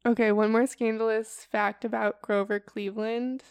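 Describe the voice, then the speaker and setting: A young woman chatting casually through a report, her voice smooth yet carrying a gravelly fry. The sound is dry and close. She fills her talk with easy "like"s and "um"s. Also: on the high side, level tone, normal speed, no room sound. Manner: chatty and casual, heavy with fillers like "like" and "um". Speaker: podcast co-host presenting a report. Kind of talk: casual chat.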